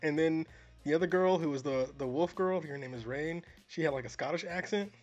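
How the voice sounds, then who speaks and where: A man co-hosting a film review podcast, chatting casually in a dry, deadpan, long-winded way. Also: fairly high pitch, fairly quick. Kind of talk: casual chat. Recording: dull lo-fi audio.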